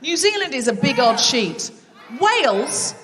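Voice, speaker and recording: A woman's voice: high voice, sing-song, measured pace, fairly bright tone, big-room sound, far from the mic, a faint crowd. A woman hosting a live comedy podcast on a theatre stage, chatty and self-mocking as she banters with the audience. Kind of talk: live stand-up hosting with crowd work. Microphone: stage microphone.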